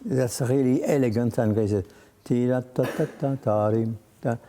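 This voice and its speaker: An older man with a French accent coaching a young conductor in a concert hall, direct and halting, singing phrases out in syllables. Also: mid-range voice, vocal fry, dark tone. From France. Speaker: conducting teacher. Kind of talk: masterclass coaching. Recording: roomy concert hall reverb.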